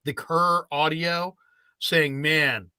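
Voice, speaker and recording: A man joins a live sports talk show late and talks in a loose, joking manner. His voice is bright and slightly high, recorded dry and close. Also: fairly even intonation, very slow, smooth, dry recording. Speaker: panelist joining late.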